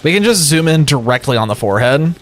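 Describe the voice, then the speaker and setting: A fast-talking, expressive man with a fairly high voice streams from his home webcam setup. He's exhausted from lack of sleep, chatting casually with his viewers in a rambling, joking way.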